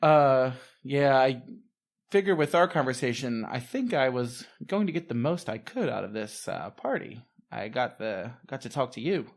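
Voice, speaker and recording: A man with a mid-range voice plays in a tabletop game. He reacts in an animated way and slips in and out of speaking as his character. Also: medium pitch, moderate pace. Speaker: player. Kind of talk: tabletop role-play chat.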